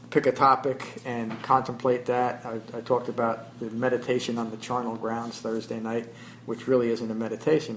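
A man of ordinary pitch leads a small meditation class through a Buddhist dharma talk. He talks in a reflective way, thinking aloud with pauses. A faint hum sits under his voice. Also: fairly bright tone, poor audio. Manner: self-deprecating, chuckling about his habits. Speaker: meditation teacher.

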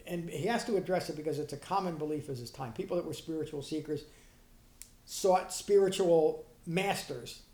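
A man's voice: a little high, fast talker, hardly any pauses, darkish tone. A middle-aged man giving an earnest dharma talk as a Buddhist teacher, often restarting his sentences and leaning hard on key points. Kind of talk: dharma talk explaining a sutta. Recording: roomy echo.

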